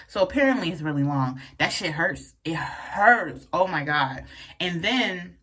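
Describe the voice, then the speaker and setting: A young woman telling a personal story in a casual vlog, frank and profane, full of fillers and lively asides. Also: on the low side, a little slow, slightly rough. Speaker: vlogger telling a birth story.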